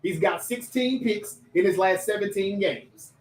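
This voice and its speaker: A man hosting a casual sports talk livestream, chatty and animated, reading viewer comments aloud and talking straight to his chat. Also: high-pitched, unhurried, roomy sound, far from the mic, low-quality recording.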